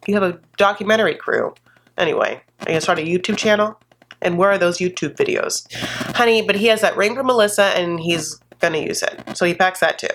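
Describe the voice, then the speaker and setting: A woman's voice: fairly low pitch, brisk, fairly bright tone, a little hiss or hum. A woman doing a casual, sassy recap of a reality show to camera, laughing often and calling her viewers honey. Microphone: desk condenser mic.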